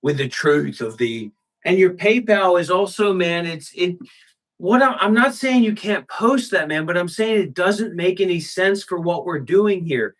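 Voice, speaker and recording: Guy streaming live, swears a lot, rants at chat, voice on the high side. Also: animated, measured pace, fairly bright tone, low-quality recording. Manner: profane, ranting, talks back to chat. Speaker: livestream host. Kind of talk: casual livestream rant.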